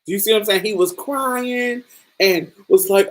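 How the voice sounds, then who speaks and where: A woman's voice: medium pitch, normal speed. A woman podcast host giving casual film commentary, emphatic and profane, acting out the characters' lines as she talks.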